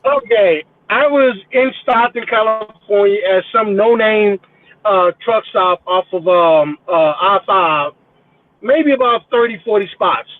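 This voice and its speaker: Guest, male, very high voice, foul-mouthed storyteller, phone-quality dry line. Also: a little slow. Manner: profane, animated, mimics people in quotes. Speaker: podcast guest. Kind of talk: casual storytelling.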